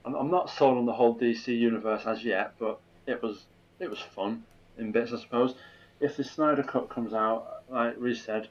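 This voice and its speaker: A man rambles enthusiastically through his film opinions, dropping "you know" again and again. The sound is slightly dull and lo-fi, and his pitch is ordinary. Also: moderate pace. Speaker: podcast guest. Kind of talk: casual film chat.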